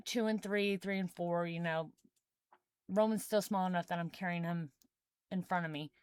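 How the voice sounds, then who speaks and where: A young woman co-hosting a podcast, telling a family story in casual chat, animated and quick to laugh. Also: medium pitch, clear, resonant tone, no echo. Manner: animated, laughs often, acts out quoted voices. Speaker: podcast co-host.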